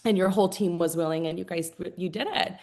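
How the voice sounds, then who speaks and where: A woman's voice: fairly low pitch, steady tone, quick pace, darkish tone. A woman leading a sales team, talking on a group video call in an effusive, chatty way, with many fillers and restarts. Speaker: team leader of a sales business.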